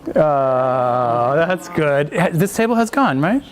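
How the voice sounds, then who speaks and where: A man's voice: a little high, big pitch swings. Upbeat man leading a speaking workshop. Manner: enthusiastic, quick to praise and laugh. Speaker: public speaking workshop presenter. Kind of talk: lively workshop facilitation. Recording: echoey room with crowd murmur.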